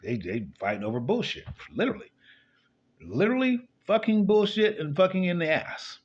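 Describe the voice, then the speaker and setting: A man giving loose, profane commentary while reading scripture, rambling, muttering low and then bursting up high. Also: sing-song, moderate pace, slightly rough. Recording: dull lo-fi recording.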